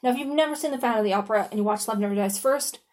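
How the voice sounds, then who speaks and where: A woman's voice: on the high side, very fast, a little mellow. A woman hosting a podcast in a casual solo monologue. She talks in a chatty, informal way, with lots of "you know" and "like", and swears freely. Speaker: podcast host.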